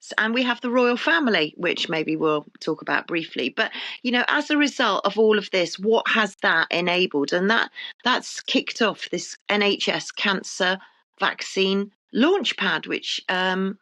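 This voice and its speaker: A woman's voice: medium pitch, lively intonation, a little slow, pushed and bright, dry recording. A woman, a podcast guest speaking indignantly and firing off rhetorical questions. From United Kingdom. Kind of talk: casual discussion.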